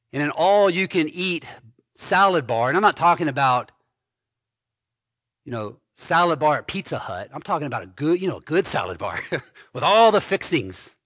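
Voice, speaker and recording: A male pastor preaching a sermon slowly and emphatically, repeating key phrases. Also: fairly high pitch, pushed and bright, no echo, clean studio sound.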